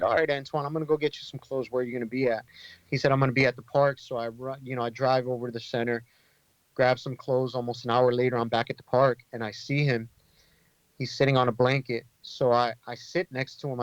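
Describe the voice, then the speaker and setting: A man's voice: mid-range voice, no echo, dull audio. Earnest man telling a ministry story. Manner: earnest, conversational, many fillers and restarts. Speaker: inner-city ministry leader, podcast guest. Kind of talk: storytelling in a casual interview.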